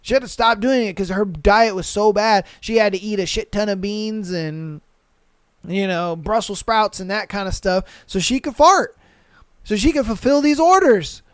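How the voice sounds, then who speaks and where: Podcast host, young guy, high clear voice, slangy and profane, close dry mic. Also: normal speed, no echo. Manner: loose, profane, slangy banter with sudden loud outbursts. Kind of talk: casual podcast commentary reading listener answers.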